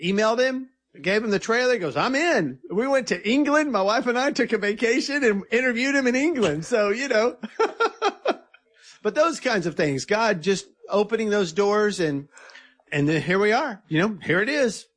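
A filmmaker being interviewed, telling an earnest, animated story and quoting others in his own voice. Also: sits high, normal speed.

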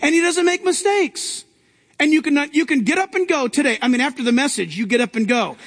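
A man's voice: very high voice, fairly quick, fairly bright tone, big-room sound. A male pastor preaching a sermon to a congregation, with emphatic rising outbursts.

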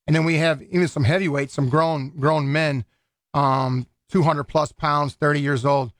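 A man's voice: fairly high pitch, fairly even intonation, moderate pace, a bit bright, no room sound. A man, a boxing event organizer chatting loosely in a radio studio interview, full of restarts and fillers. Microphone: studio microphone.

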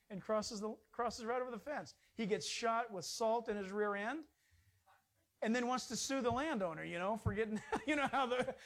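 Animated male pastor preaching. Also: high voice. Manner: animated preaching with rising emphasis. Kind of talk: sermon.

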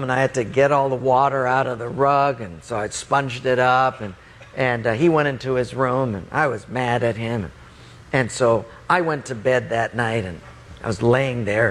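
Animated storytelling male pastor. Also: medium pitch, a little hiss or hum. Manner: animated, raises voice sharply for quoted speech. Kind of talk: sermon with personal storytelling.

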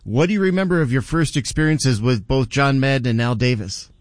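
A man's voice: mid-range voice, a little fast, no echo, clean studio sound. A man hosting a radio interview, asking a guest plain questions. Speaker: radio host.

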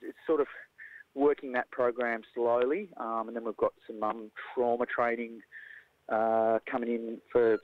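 An Australian man who coaches jiu-jitsu, talking in a lively, casual way and acting out the voices of people in his stories. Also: mid-range voice, no echo, narrow, tinny audio. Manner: animated storyteller, acts out quoted voices. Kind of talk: casual conversation.

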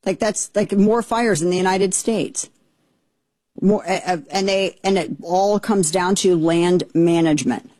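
Fed-up lady ranting on her show, kinda low voice, super dry mic. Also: steady tone, a little slow, darkish tone, no room sound. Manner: indignant, exasperated, rambling with restarts. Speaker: political commentary host. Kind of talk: opinionated commentary.

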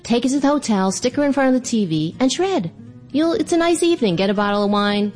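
A woman voicing her sister, who gives brisk, calm instructions. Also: on the high side, soft background music, voice pushed up, close to an everyday voice. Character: calm, bossy adult sister.

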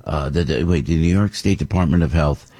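A middle-aged American man with a very deep, husky voice hosts a talk radio show. He rambles from one opinion to the next and often restarts his sentences. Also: fairly quick. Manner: rambling, animated, with many restarts and asides.

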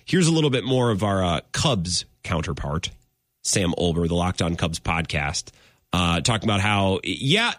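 A man hosting a sports podcast, his pitch climbing and dropping all over as he talks. He chats casually, laughs a lot and wanders off his point before coming back to it. The sound is dry and close. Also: moderate pace, no room sound. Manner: animated, laughs often, wanders off and circles back.

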